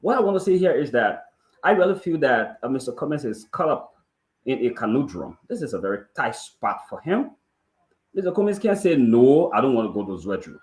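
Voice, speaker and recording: Man, commentator, measured, rhetorical, echoey. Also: fairly high pitch, big pitch swings. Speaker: political commentator. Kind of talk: talk show analysis. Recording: echoey room.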